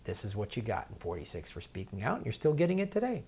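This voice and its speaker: A man's voice: fairly low pitch, huge pitch swings, quick pace, a little mellow, a little hiss or hum. A man hosting political commentary, talking in a heated, sarcastic way with lots of filler words and restarts.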